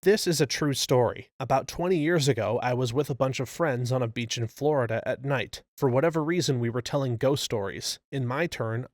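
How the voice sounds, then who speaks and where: A man narrating reader stories in an even, steady read-aloud style. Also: medium pitch, no echo, clean studio sound. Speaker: story narrator.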